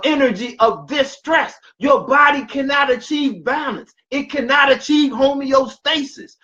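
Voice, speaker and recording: High-voiced, slow, preacherly wellness coach man. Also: a bit bright, dull audio. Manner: preacherly, repetitive, emphatic bursts. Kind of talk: motivational health talk.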